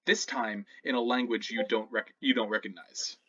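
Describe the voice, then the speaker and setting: A man narrating as game master of a tabletop game, dramatic, moving between loud and hushed. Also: medium pitch, fairly even intonation, normal speed, breathy edge, distant mic, lo-fi sound.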